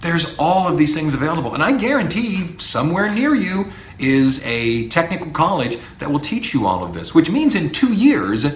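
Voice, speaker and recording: A man's voice: on the high side, a bit bright. A middle-aged man, a university professor, giving an emphatic podcast monologue to students, now and then mimicking their imagined replies. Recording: echoey room with faint ambience.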